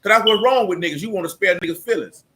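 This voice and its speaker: A man's voice: high-pitched, quick pace, pushed and bright. A man preaching a sermon, emphatic and blunt, with street slang and mocking asides.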